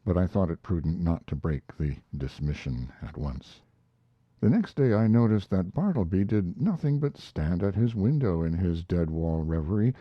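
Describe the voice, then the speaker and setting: Man reading classic fiction, deep and husky, dull-sounding recording. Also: no echo. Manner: measured, expressive reading. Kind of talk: audiobook narration.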